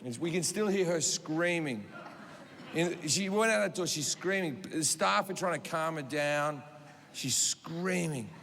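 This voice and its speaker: Gravelly stand-up comedian in his forties. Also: fairly high pitch, lively intonation, a little slow, fairly bright tone. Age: 40s. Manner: profane, storytelling, punchy delivery. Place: stage in a large venue. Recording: reverberant hall with audience noise.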